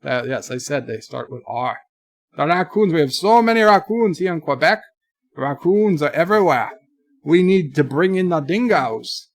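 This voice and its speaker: A man's voice: on the high side, lively intonation, moderate pace, dry recording, clean studio sound. A man putting on a bumbling Quebec character, hesitant and groping for words in a jokey way. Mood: goofy.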